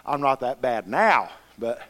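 A man's voice: medium pitch, big pitch swings, a little slow, a bit bright. A middle-aged man preaching a sermon, telling homespun stories with rising fervor. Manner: folksy, impassioned storytelling preacher.

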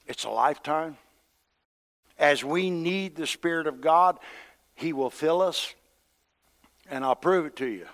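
A man's voice: a little high, unhurried, pauses often, fairly bright tone. A man preaching a sermon to his church in a conversational, storytelling way, acting out what the people in the story say. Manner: conversational storytelling preacher who acts out quotes. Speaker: pastor. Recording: long hall reverb.

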